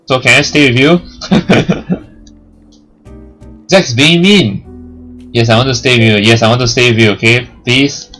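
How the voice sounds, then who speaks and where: A man hosting a let's play who reads the game's text aloud and jokes about it, laughing and getting loud when excited. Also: medium pitch, fast talker, soft background music. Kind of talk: reading game text aloud with casual commentary.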